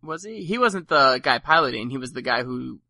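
A male podcast host with a gravelly, bright tone chats casually, rambling through plenty of ums and uhs. His voice sounds close and dry, with no room around it. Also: mid-range voice, expressive, fairly quick, no echo. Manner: rambling, filler-heavy, laughs easily. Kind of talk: casual chat.

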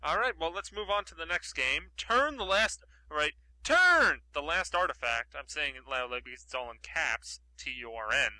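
A man's voice: fairly high pitch, moderate pace, hardly any pauses, sharp tone, no echo, poor audio. A man co-hosting a podcast in casual chat, rambling with lots of fillers. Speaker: podcast co-host.

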